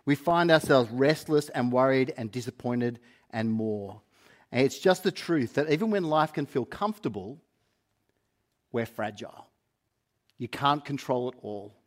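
A middle-aged man from Australia preaching a sermon as a pastor, telling a self-mocking story in an animated way. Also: medium pitch, a little slow.

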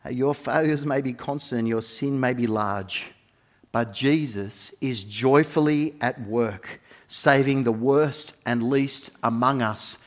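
Male preacher, mid pitch, sermon delivery, emphatic, repeats key lines, moves between quiet and loud. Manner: dynamic, swinging from soft to loud.

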